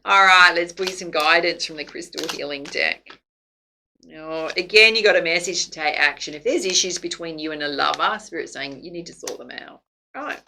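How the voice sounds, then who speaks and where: A woman's voice: on the low side, vocal fry, pushed and bright, a little hiss or hum, poor audio. A woman doing a casual tarot reading to camera, chatty and laughing often. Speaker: psychic tarot reader.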